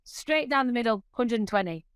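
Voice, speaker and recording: A woman guest on a podcast, telling stories in a lively, animated way and laughing often. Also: a little high, moderate pace, clear, resonant tone, dry recording. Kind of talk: casual chat.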